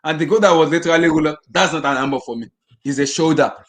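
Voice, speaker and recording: Passionate male podcast co-host, higher voice, emphatic repetition. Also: rapid-fire, slight background noise. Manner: passionate, emphatic, repeats words, shouts in bursts. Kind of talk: heated casual football chat.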